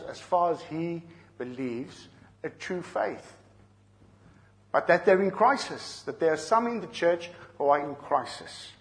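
A middle-aged man preaching a sermon, earnest and measured, dropping soft and then rising loud to drive a point home. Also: fairly high pitch. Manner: earnest, swings from soft to shouting for emphasis. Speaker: pastor.

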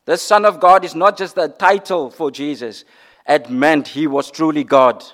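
A man delivers a sermon in a notably high voice. He lifts his lines into loud declarations, then sinks to hushed, near-whispered phrases. He repeats words for emphasis. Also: moderate pace. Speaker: preacher.

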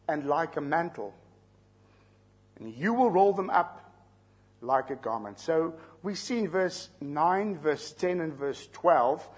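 A man's voice: on the high side, slightly rough. A man with a South African accent preaching an expository sermon, explaining scripture verse by verse and putting questions to his listeners. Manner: teaching, explains terms, asks the listeners questions.

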